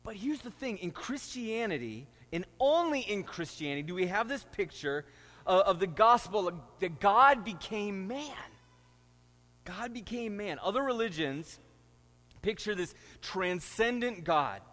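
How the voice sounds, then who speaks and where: Man, pastor, middle-aged, sermon, emphatic storytelling, fairly high pitch, echoing hall. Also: animated, measured pace, fairly bright tone. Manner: storytelling with a rising, emphatic delivery. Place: church sanctuary.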